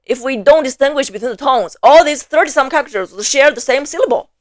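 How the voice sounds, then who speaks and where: A woman's voice: high voice, animated, fast, dry recording. A woman with a Mandarin Chinese accent, native speaker of Mandarin Chinese, explaining a language lesson in a friendly way, with examples and rhetorical questions. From China. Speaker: language teacher.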